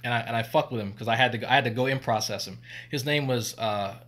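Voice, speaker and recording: A man's voice: mid-range voice, fast, a bit bright. A man, a former army medic, telling stories on a stream in a rambling, profane and laughing way. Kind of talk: casual storytelling on stream.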